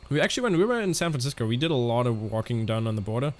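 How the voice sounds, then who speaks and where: A man streaming a flight simulator, chatting casually in a halting way and answering viewers' questions as he flies. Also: medium pitch, big pitch swings. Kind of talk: casual live-stream commentary.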